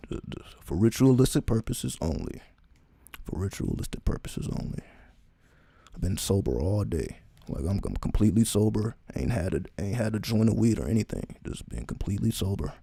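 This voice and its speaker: A man casually reading a text aloud, slowly and with frequent asides, in loose informal talk. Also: low-pitched, creaky, dark tone, slightly rough, dry recording. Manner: reads slowly, stopping often for asides.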